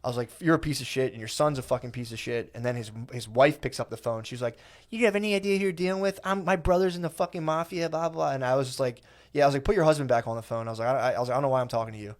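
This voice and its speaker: As a podcast guest, a young man tells a profane, animated comedy story at a very fast clip, acting out the quoted lines in a mid-range voice.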